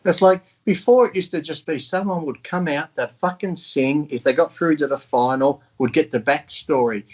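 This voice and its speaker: A man's voice: on the high side, normal speed, darkish tone, slightly rough, lo-fi sound. A man chatting casually on a video call, swearing freely and telling stories in acted voices. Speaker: podcast guest. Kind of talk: casual chat. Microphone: home mic on a video call.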